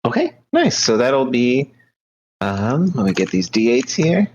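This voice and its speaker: A man's voice: medium pitch, wildly swooping pitch, a little mellow, dull audio, a little hiss or hum. A man playing a tabletop game, talking casually and hesitantly. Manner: hesitant, many pauses. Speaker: player.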